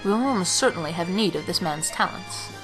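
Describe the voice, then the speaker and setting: A woman voicing a cold, calculating young male tactician who speaks flatly and clinically. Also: lowish voice, a little fast, over music, close to an everyday voice, rough recording.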